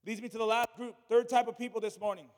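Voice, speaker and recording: A man preaching a sermon as pastor, swinging between loud declarations and hushed asides. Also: very high-pitched, little pitch movement, fast talker. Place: church sanctuary. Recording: long church hall reverb.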